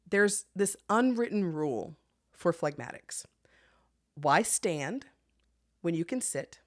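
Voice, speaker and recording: Lively laughing woman podcast host. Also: lowish voice. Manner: animated, laughs often, bursts of speed. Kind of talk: solo podcast teaching.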